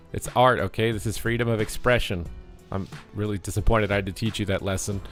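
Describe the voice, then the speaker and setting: A man's voice: mid-range voice, a bit bright. Guy rapping silly rhyming commentary on his game match, faint music behind. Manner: playful rhyming delivery. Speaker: gamer streamer. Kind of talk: rhyming rap commentary over gameplay.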